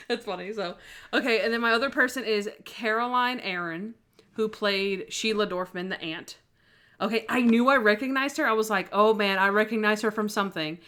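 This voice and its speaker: A woman's voice: medium pitch, moderate pace. Chatty woman retelling TV scenes. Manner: animated storyteller, acting out quoted lines with laughs. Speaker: podcast co-host. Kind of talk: casual chat, retelling TV scenes.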